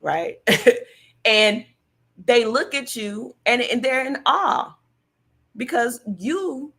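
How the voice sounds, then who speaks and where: A woman's voice: fairly high pitch, expressive, takes it slowly, a bit bright. A woman hosting a casual political livestream, talking emphatically, repeating her points and answering viewers' comments. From California. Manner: chatty, emphatic, repeats herself, reads viewer comments aloud. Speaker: livestream host.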